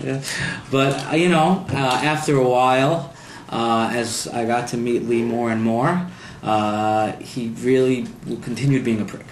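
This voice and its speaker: A man's voice: mid-range voice, unhurried, a bit bright. A young man telling stories about his future in-laws with wry, self-mocking humor in a casual home interview. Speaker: interviewee, groom-to-be. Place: apartment room. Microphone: home video camera. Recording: roomy home video with faint noise.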